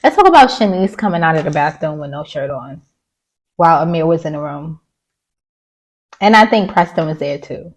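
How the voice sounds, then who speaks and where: A woman's voice: low-pitched, expressive, moderate pace, pauses often, poor audio. A woman giving a casual, opinionated recap of a reality show, chatty and blunt, with sassy asides and mocking quoted voices. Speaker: YouTube reality-TV reviewer.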